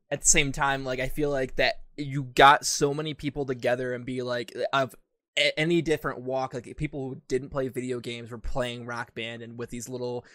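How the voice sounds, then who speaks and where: A man's voice: medium pitch, a bit bright, dry recording, clean studio sound. A young man in casual podcast chat, enthusiastic and sometimes losing his train of thought. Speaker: podcast co-host.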